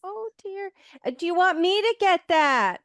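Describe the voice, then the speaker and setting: A caring small-town woman, read by a woman at a virtual table read. Her voice is high, and she speaks in a helpful, reassuring way. The sound is close and dry. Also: expressive, measured pace, fairly bright tone, no room sound, exaggerated voice. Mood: concerned.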